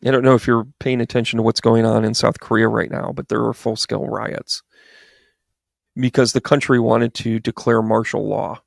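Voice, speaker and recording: Gravelly, rambling male commentator. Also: medium pitch, flat delivery, normal speed, no room sound, studio quality. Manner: rambling and exasperated, with sarcastic asides. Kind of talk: political commentary monologue. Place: New York.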